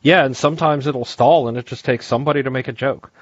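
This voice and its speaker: A man co-hosting a podcast, chatting casually with quick replies and joking asides. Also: medium pitch, steady tone, husky, no echo, lo-fi sound. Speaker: podcast host. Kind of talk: casual chat.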